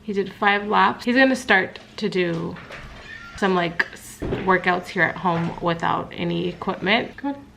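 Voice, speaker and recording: A woman's voice: on the low side, measured pace, creaky, a bit bright, slight background noise. A woman in her thirties chatting casually to camera at home in a vlog, full of fillers and asides. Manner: chatty, filler-heavy, talks straight to camera. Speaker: beauty vlogger.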